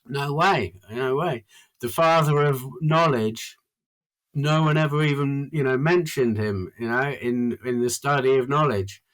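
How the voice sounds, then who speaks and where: A man's voice: mid-range voice, measured pace, a bit bright. A man talking casually as a podcast guest, rambling and earnest, with lots of fillers. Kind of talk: casual chat.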